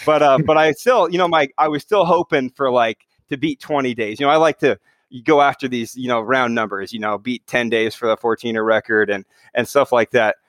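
Halting middle-aged man, dry sound. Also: medium pitch, a bit bright, dry recording. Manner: hesitant, many "you know" fillers and restarts. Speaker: guest, mountain speed record holder. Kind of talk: casual interview conversation.

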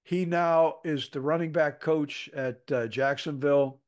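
A man's voice: a little high, steady tone, unhurried. A man in his seventies, a football coach, telling a story on a podcast, acting out the quoted voices with salty language. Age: 70s.

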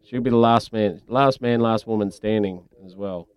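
A man's voice: lowish voice, normal speed, darkish tone, clean tone, dry recording. A man hosting breakfast radio from a studio, chatty and laughing often. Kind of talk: casual radio banter.

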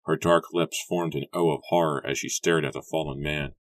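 A man reads an audiobook in an even, steady storytelling manner. His voice is very deep, and the recording is close and dry with no room sound. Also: normal speed, dry recording. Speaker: audiobook narrator. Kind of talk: scripted narration.

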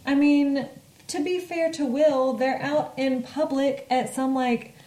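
A woman's voice: high-pitched, fairly even intonation, slow, mellow, echoey room, rough recording. A woman co-hosting a podcast, chatting casually and joking as she recaps a reality show. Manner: chatty, joking, with filler restarts. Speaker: podcast co-host.

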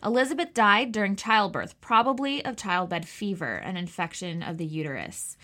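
A woman's voice: mid-range voice, moderate pace, sharp tone. A woman co-hosting a history podcast, narrating in a chatty way with lots of fillers. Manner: chatty, laughs easily, filler-heavy. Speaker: podcast co-host.

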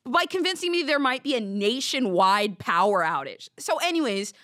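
Young female podcast host, casual storyteller, high-leaning lively voice, dry booth sound. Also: normal speed, no echo. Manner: animated, swearing, laughing storyteller. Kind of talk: casual chat.

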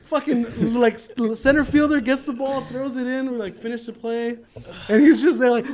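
A man co-hosting a casual podcast, telling a sports story in an animated way with lots of laughter and swearing. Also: extremely high pitch, moderate pace, a crowd in the background. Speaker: podcast co-host.

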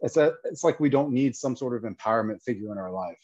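A man's voice: mid-range voice, animated, fast, darkish tone, no echo, dull audio. A man giving an indignant, lecturing commentary full of rhetorical questions. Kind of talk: opinionated commentary video.

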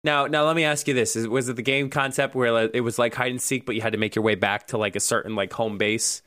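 A man's voice: medium pitch, fairly even intonation, quick pace, a bit bright, smooth, dry recording, studio quality. A young man co-hosting a podcast, chatting in a playful, jokey way. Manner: playful, laughs often. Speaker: podcast co-host. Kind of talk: casual chat.

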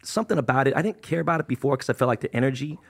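A man's voice: medium pitch, animated, creaky. A man from telling stories in casual chat, full of slang and swearing. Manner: fast storytelling, heavy slang and profanity. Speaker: podcast guest, business owner.

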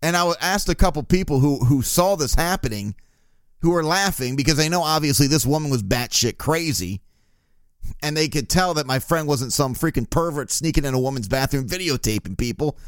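A man's voice: fairly high pitch, lively intonation, brisk, dry recording, studio quality. Man telling a profane, casual story. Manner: profane, laughing anecdote telling. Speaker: podcast host.

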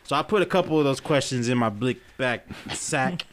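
A man's voice: medium pitch, normal speed. A man hosting a podcast, running a new segment in a joking, casual way. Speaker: podcast host. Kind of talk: casual chat.

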